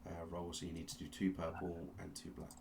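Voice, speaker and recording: A man narrating a tabletop game as game master, telling the story slowly and with suspense, often restarting his sentences. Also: sits low, completely flat delivery, vocal fry, noisy background. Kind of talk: dramatic second-person narration of a tabletop game.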